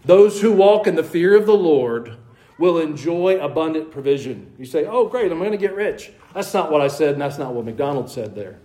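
On a low-quality recording, a man with a mellow, somewhat high voice speaks in an animated way at a moderate pace. He is a pastor in a church sanctuary, delivering a conversational sermon full of questions for his congregation, mock voices, and wry asides.

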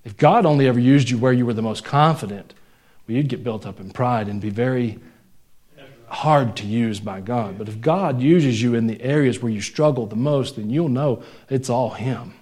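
A male pastor, a young adult, gives a conversational sermon with a mid-range voice. He chuckles often and pushes his voice up and louder when driving a point home. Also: normal speed. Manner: conversational, jokes and laughs with the congregation; rises in pitch and volume when stressing a point.

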